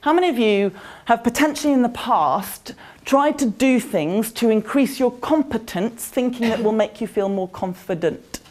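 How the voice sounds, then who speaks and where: A woman's voice: fairly high pitch, animated, normal speed, a little mellow. A woman giving a motivational presentation at a conference. She talks in a conversational way and puts questions to the audience. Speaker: conference speaker. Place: conference venue.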